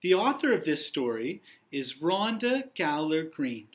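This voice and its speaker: A young man, a teacher, reading a picture book aloud to young children in an encouraging, expressive way. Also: fairly high pitch, unhurried.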